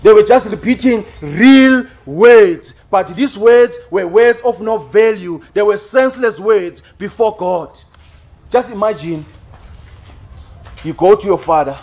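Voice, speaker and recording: A man delivers a forceful sermon in a notably high voice, pressing his listeners with rhetorical questions. He sometimes mimics babbling to mock empty prayer. The recording sounds muffled and lo-fi. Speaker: preacher. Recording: dull lo-fi sound.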